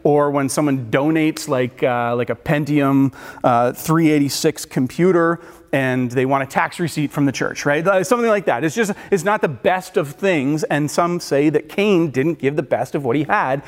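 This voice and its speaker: A man with a high voice delivers a relaxed, conversational sermon, stumbling over restarts and tossing in "like" and "right". His voice carries a long reverb, as if from a large hall. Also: normal speed. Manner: casual, rambling with many restarts and filler words. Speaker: preacher.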